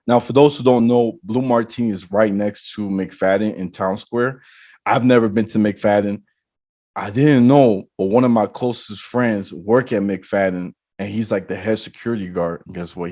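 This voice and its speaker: A man's voice: lowish voice, normal speed, no room sound. A man, a podcast host, casually telling a long story and acting out the people in it. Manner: animated storyteller acting out dialogue.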